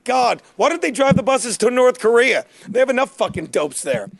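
A man's voice: extremely high pitch, big pitch swings, normal speed, vocal fry, no room sound. A man hosting a casual comedy podcast, talking in a rambling, profane, ranting way.

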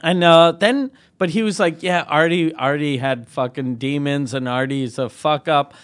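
A man co-hosting a casual podcast, relaxed and profane, laughing often. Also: fairly high pitch, normal speed. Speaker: podcast co-host. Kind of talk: casual chat.

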